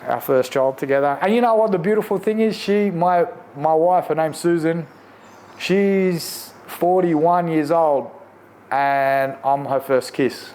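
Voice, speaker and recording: A man with an Australian accent, in his forties, telling his faith testimony casually, animated and slangy, laughing often. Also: fairly high pitch, a little slow, a little hiss or hum. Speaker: guest sharing testimony.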